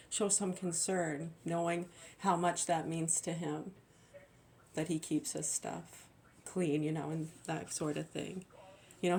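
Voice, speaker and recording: A woman's voice: sits low, vocal fry, a little mellow. A middle-aged woman, a mother, talking in a rambling, aggrieved monologue full of restarts and swearing. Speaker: mother venting.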